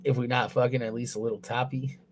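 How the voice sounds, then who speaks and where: A man's voice: medium pitch, little pitch movement, fast talker, slight background noise. A young man chatting on a livestream, crude and blunt, swearing constantly and rambling loosely with restarts. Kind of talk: casual livestream chat.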